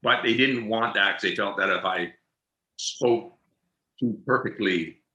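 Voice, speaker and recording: A man, an actor and interview guest, chatting casually and telling animated stories, laughing often and repeating words as he goes. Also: lowish voice, measured pace, lo-fi sound. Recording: roomy echoey room sound.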